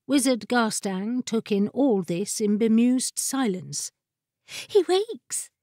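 A woman narrating a fantasy audiobook in a measured, expressive storytelling manner. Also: on the high side, no room sound, clean studio sound. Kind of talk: scripted narration.

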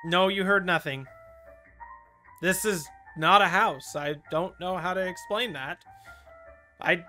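A man playing a horror game and commentating, joking and teasing with sudden shouts and laughs. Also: high-pitched, a little slow, soft background music. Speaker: gaming streamer.

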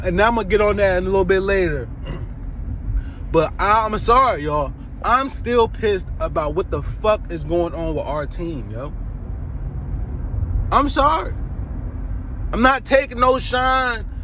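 A man rants in a strikingly high voice, profane and worked up. He repeats himself as he vents to his followers. Faint traffic hum sits behind him outdoors. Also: sharp tone. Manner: profane, heated, repetitive. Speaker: fan vlogger. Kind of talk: angry fan rant.

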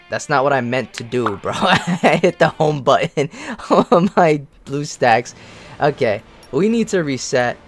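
Speaking in a mid-range voice, a young guy narrates his mobile gameplay in loose, slangy terms, sounding excitable and complaining whenever luck turns against him.

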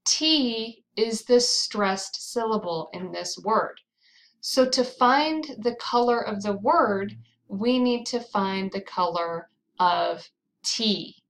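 Very slow, deliberate American woman teacher. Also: mid-range voice, a bit bright, poor audio. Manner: drills words slowly and repeats them. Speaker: pronunciation teacher. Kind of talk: slow, clearly enunciated teaching.

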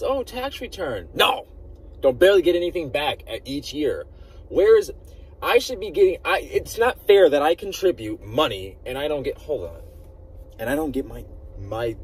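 A man vlogging from inside his car, ranting with animated outbursts and talking into a phone he holds in his hand. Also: medium pitch, husky, far from the mic, poor audio. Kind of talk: casual car vlog chat. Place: inside a car at a drive-thru. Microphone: phone held in hand.

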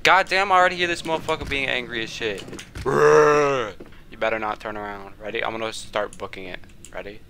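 A man's voice: medium pitch, brisk, noisy background. A man doing profane, slang-heavy let's play commentary, mocking the monster and yelping when startled. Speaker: gaming channel host.

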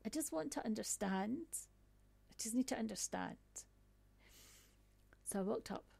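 Woman speaker, low-key gravelly storyteller, chatty with lots of asides, dry recording. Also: mellow, no room sound. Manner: conversational, frequent "right?" and "um" asides. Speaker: speaker on workplace bias. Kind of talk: personal storytelling talk.

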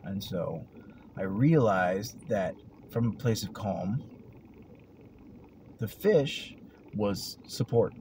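A man talking through a rambling, reflective personal vlog, often trailing off into soft murmurs. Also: on the low side, animated, extremely slow, long pauses, slight background noise, poor audio. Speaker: vlogger. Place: at work, vehicle sounds around.

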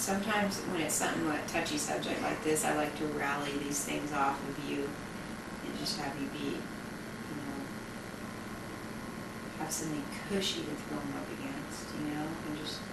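A woman's voice: low-pitched, level tone, moderate pace, vocal fry, pauses often. A young woman in casual, frank conversation with a friend, talking freely with lots of fillers. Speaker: friend being filmed. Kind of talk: casual chat. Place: outdoors hangout spot. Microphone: camcorder mic from a distance. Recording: echoey, distant, noisy home video.

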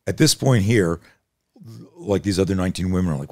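Low-voiced intense storytelling man. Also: fairly quick, darkish tone, dry recording, studio quality. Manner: intense, emphatic, swears freely. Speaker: self-defense instructor, podcast guest. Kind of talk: animated storytelling in casual conversation.

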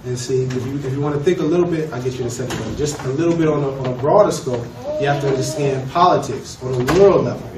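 A man's voice: medium pitch, fast. Emphatic male lecturer in an echoey classroom. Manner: emphatic, questions the class, repeats for stress. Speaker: law class teacher. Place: college classroom. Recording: echoey room from far off, noisy.

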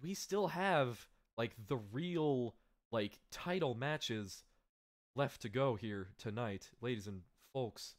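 A young man hosting a live stream, calling the action in a loud, excitable way and laughing often. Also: mid-range voice, slow. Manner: yells and laughs at big moves, then mumbles when fixing slides. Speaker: stream host and commentator.

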